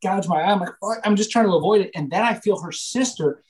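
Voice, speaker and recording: This young Canadian comedian sounds a little high-pitched for a man and tells his story in a loose podcast chat. He swears a lot, piles on filler words and stays animated the whole way through. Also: fast talker, poor audio.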